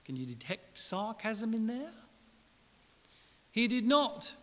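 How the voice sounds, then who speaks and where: A man preaching a sermon, retelling a Bible story in a lively, colloquial way and acting out the quotes. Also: high voice, takes it slowly, a little hiss or hum. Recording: long hall reverb.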